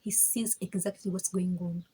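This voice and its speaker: A woman's voice: lowish voice, steady tone, normal speed, warm tone, breathy edge, rough recording. A woman giving a candid personal faith testimony, emphatic and frank, repeating herself and laughing between points. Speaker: vlogger sharing her faith testimony.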